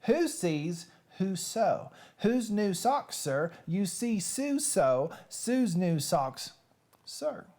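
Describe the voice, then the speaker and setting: Woman doing a pushy storybook fox, put-on southern us accent, sing-song coaxing, slow, leaping pitch. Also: big pitch swings, mellow, heavily acted. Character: patient, pushy male fox quizmaster.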